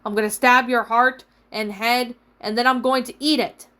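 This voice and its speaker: A woman's voice: on the high side, steady tone, normal speed, bright, forceful tone. A woman voicing a disfigured, skinless teenage girl who turns murderous in a spoken horror story.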